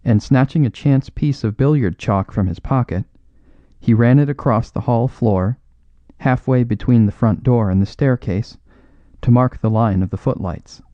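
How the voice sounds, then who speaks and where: A man narrating a classic mystery story as an audiobook, in a measured, expressive reading. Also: medium pitch, dry recording, dull audio. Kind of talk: scripted narration.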